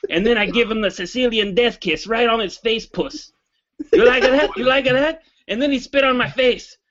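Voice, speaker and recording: A man putting on a high, whiny voice as a fired football executive, crude and sulky, griping and boasting by turns. The sound is dull and lo-fi, like a home podcast recording. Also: creaky, fairly bright tone, heavily acted. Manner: crude, self-pitying, mock-wistful bits. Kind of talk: comedy podcast impression sketch.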